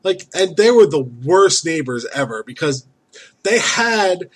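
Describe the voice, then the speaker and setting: A man's voice: a little high, big pitch swings, unhurried, breathy edge. A man in casual chat, swearing often and venting in an exasperated way about his neighbors. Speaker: store worker.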